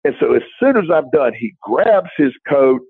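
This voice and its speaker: A man's voice: fairly high pitch, very animated, normal speed, breathy edge, dry recording. A man co-hosting a talk show, telling a long story in a casual, rambling way, with many restarts and quoted dialogue. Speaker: podcast co-host. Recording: dry, tinny phone-like line.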